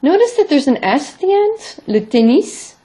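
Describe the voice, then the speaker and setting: A woman's voice: high-pitched, sing-song, moderate pace, warm tone. A woman teaching French in English, explaining grammar step by step and modelling French words before glossing them. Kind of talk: recorded vocabulary lesson.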